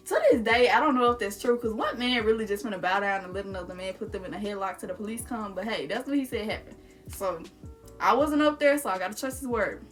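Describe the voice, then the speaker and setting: A young adult woman casually telling a story to her viewers, animated and swearing, calling them y'all. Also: a little high, quick pace, faint music behind.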